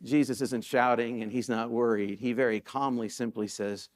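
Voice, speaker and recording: A male pastor giving a sermon in a church, telling stories in a relaxed, conversational way and repeating key points for emphasis. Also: mid-range voice, moderate pace. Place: church sanctuary.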